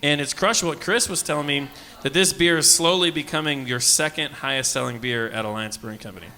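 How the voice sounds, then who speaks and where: A man hosting a live podcast in a bar, upbeat and quick to laugh. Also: fairly high pitch, bright, forceful tone. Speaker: podcast host. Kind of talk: casual interview chat.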